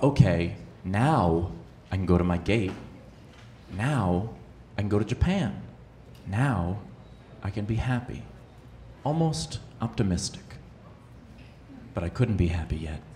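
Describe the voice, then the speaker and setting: A man performing stand-up comedy, telling a story in an animated way that sometimes breaks into shouted outbursts. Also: deep voice, slight background noise. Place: comedy club stage. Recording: roomy live club sound with audience.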